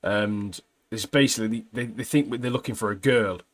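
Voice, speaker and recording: A man's voice: lowish voice, normal speed. A man co-hosting a podcast, casually recapping an anime episode in a rambling way with lots of fillers. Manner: rambling, many fillers, laughs at own retelling. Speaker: podcast co-host.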